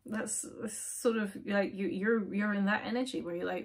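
A woman giving a casual, chatty tarot reading, with many fillers and soft, near-whispered asides. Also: medium pitch, steady tone, moderate pace. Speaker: tarot reader.

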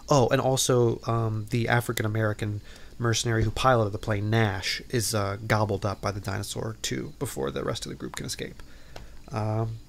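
Gravelly-voiced man rambling through a recap. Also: lowish voice, fairly even intonation, normal speed, slight background noise. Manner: rambling, filler-heavy, lots of "like" and "um"; playful, self-interrupting asides. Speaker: podcast host. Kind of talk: casual movie recap.

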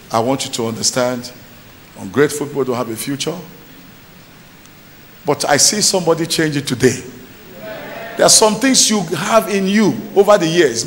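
A male pastor preaches a sermon in church, emphatic and repeatedly asking the congregation whether they're listening in call-and-response fashion. His voice is on the high side and a bit bright. The church hall is reverberant, with faint noise.

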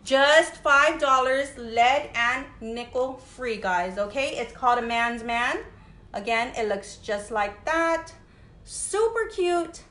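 Upbeat livestream seller, woman, high bright voice, echoey room, greets viewers by name. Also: lively intonation, slow pace. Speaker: jewelry seller hosting a livestream. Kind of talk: casual live sales chat.

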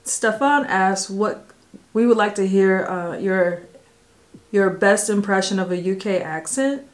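A woman's voice: medium pitch, a little slow. An American woman co-hosting a family Q&A, reading out viewer questions and answering them in an easygoing way. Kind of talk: casual Q&A chat.

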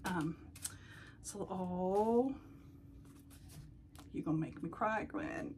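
A woman hosting a casual unboxing vlog at home, gushing and excitable as she talks to her viewers. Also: lowish voice, very slow, noisy background. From United States. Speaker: doll collecting channel host.

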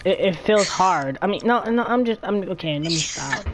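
A woman chatting casually while gaming with a friend, stammering and breaking into sudden shouts. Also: mid-range voice, normal speed. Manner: stammering, excitable, shouty outbursts. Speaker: gamer streaming with a friend. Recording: faint background noise.

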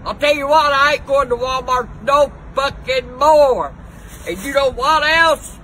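Cranky older woman, sharp-voiced. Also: high-pitched, unhurried, slight background noise, rough recording. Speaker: comedy vlogger doing mock news and weather reports. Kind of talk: profane comic rant to camera. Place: outdoors on a balcony.

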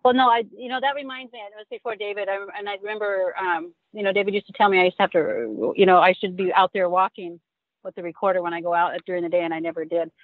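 A woman's voice: medium pitch, steady tone, fast talker, no room sound. Woman guest over a tinny phone line. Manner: earnest, emphatic, recounting. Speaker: interview guest. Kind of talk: casual interview chat.

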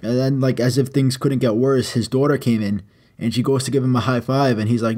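A man's voice: mid-range voice, fairly even intonation, a little fast, a little mellow. A man retelling an ancient myth in loose street slang, dropping swear words and "uh"s as he goes. His mid-range voice sounds unscripted and laid-back, like a friend recounting a story. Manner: slangy, casual, swearing, with "uh" fillers.

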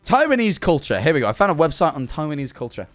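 Animated young Englishman on a livestream. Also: fairly high pitch, fast talker, soft background music. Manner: animated, swearing, bursts into incredulous shouting. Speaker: streamer. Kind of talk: casual livestream chat reacting to viewer messages.

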